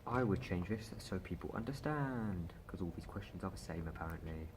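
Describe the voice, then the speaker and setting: A man drama student with a deep voice who has trouble saying R's, talking earnestly in a group. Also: animated, brisk, noisy background.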